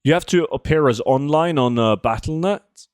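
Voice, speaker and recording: A man's voice: a little high, normal speed, smooth, no room sound, clean studio sound. A man, chatting casually with his viewers as he plays, reading their questions aloud and answering them. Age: 20s. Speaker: streamer. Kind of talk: casual live-stream chat while gaming.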